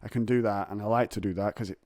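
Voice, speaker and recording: A man's voice: on the low side, fairly even intonation, racing, a little mellow, dry recording, studio quality. An English man hosting a casual solo podcast from home, rambling and digressive with self-mocking humour. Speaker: podcast host. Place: home, on a couch.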